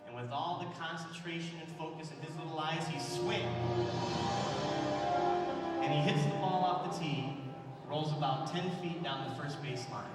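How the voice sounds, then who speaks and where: A man's voice: fairly high pitch, reverberant, in a large hall. A man giving a motivational storytelling speech, dramatically acting out the people in his story. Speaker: motivational speaker.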